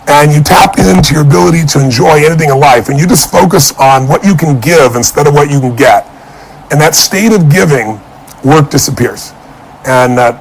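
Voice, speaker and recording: A man giving a motivational speech, telling a personal story and acting out the dialogue with animated energy. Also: fairly high pitch, gravelly, a little hiss or hum, poor audio. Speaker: motivational speaker.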